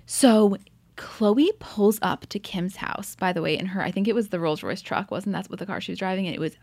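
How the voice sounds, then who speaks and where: Animated young woman recapping, dry sound. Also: medium pitch, a little fast, vocal fry, dry recording. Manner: animated, acts out quotes with heavy swearing. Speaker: podcast co-host. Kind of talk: casual recap chat.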